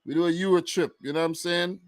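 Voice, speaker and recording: A man's voice: fairly high pitch, steady tone, quick pace, no room sound. A young man with a New York accent hosting a casual football chat, laid-back and slangy, often repeating himself. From United States. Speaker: football podcast host.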